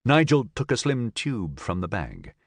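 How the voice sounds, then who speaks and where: Low-voiced man narrating dramatically. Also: a little slow, no room sound, studio quality. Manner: expressive, dramatic storytelling. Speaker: audiobook narrator. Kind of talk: scripted narration.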